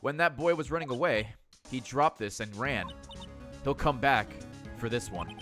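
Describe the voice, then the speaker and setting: A man's voice: medium pitch, moderate pace, fairly bright tone, soft background music, lightly acted. A man voicing a cranky, violent old woman who wheezes and huffs between words.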